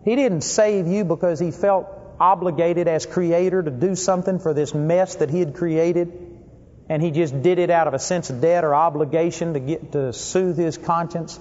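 A man preaching a sermon, emphatic, swinging between loud stressed phrases and low asides. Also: fairly even intonation, normal speed. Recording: lo-fi recording with long hall reverb.

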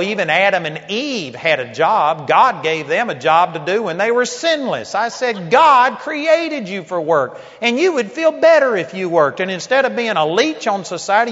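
High bright preacher guy, animated storytelling, dull recording in a big echoey hall. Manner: animated storyteller, acts out quotes, laughs often. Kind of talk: sermon storytelling.

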